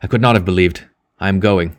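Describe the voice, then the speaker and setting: A heavy, gloomy priest who has lost his faith voiced by a man reading an audiobook. His voice is low and weary. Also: lively intonation, brisk, lightly acted. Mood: angry.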